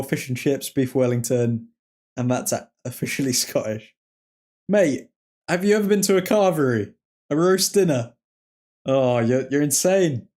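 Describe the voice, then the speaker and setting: A man's voice: mid-range voice, darkish tone. A young English man hosting a live football watchalong stream. He jokes with viewers, laughs often and reads chat comments aloud in casual banter. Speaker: livestream host.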